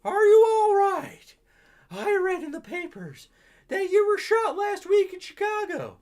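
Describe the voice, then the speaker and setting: A man putting on the voice of a frail, fussy old woman in a game, high and quavering. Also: big pitch swings, unhurried, darkish tone, exaggerated voice. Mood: fretful.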